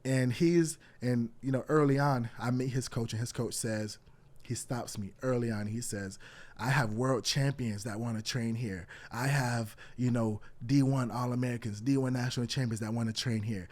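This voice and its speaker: A man's voice: mid-range voice, darkish tone. A young man in his twenties, a wrestling coach telling stories in a casual interview, acting out quoted dialogue with lots of "like" fillers.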